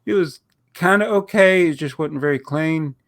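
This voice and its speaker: A man's voice: fairly high pitch, normal speed, no room sound. A man with a nasal, stuffed-up voice, recovering from a cold, telling a rambling story on a casual podcast with frequent laughs. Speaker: podcast co-host. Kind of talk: casual chat.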